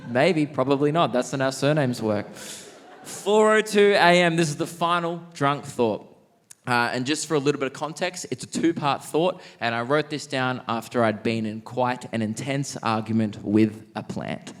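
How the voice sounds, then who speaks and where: A man's voice: mid-range voice, normal speed. A man with an Australian accent doing a stand-up comedy set on a theatre stage, often laughing through his own lines. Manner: laughs mid-line at his own jokes. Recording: live theatre recording with faint crowd noise. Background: faint audience laughter.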